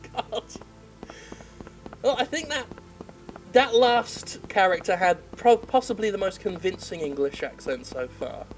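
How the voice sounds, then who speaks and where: A woman's voice: mid-range voice, animated, takes it slowly, long pauses, poor audio. Sarcastic woman ranting through a game playthrough, swears a lot, faint music. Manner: sarcastic, profane, laughing. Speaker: game critic. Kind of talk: sarcastic let's-play commentary.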